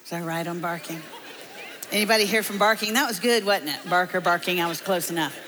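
A woman preacher tells her sermon as a comic story, full of jokes and quick asides to the crowd. Her voice carries through a large hall with a long, trailing echo. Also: on the low side, a little hiss or hum. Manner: humorous storytelling, lively asides.

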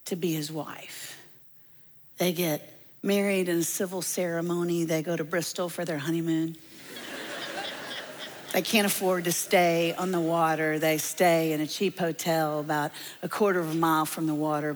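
A woman's voice: deep voice, slight background noise. Woman, preacher, humorous sermon storytelling, large hall, long reverb. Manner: humorous storytelling, lively asides.

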